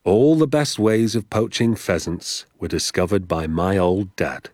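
A man reading an audiobook, voicing a secretive, enthusiastic father who talks in a low, confiding hush and sometimes drops to a whisper. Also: a little slow, no room sound, studio quality. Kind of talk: audiobook character voice.

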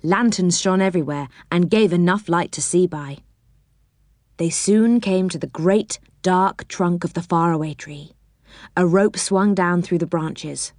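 A woman reading a children's story aloud, expressive and warm in storybook style, in a dry close recording. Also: fairly low pitch, measured pace, no room sound.

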